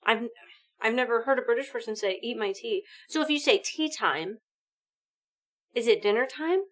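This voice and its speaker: A woman live streaming a video game, chatting casually with her viewers in an animated, exclamatory way. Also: on the high side, moderate pace. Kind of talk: casual gaming stream chat.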